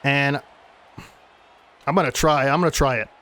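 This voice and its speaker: A man's voice: mid-range voice, normal speed, sharp tone. A man giving casual play-by-play commentary on the football video game he is playing, sportscaster-style, often adding "man" and getting exasperated at bad plays. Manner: exasperated when plays go wrong. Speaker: gaming YouTuber.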